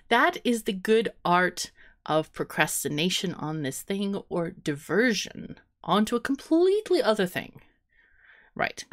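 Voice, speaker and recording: Giggly, lively woman podcast host. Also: mid-range voice. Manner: giggly, playful, chatty. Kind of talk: casual chat.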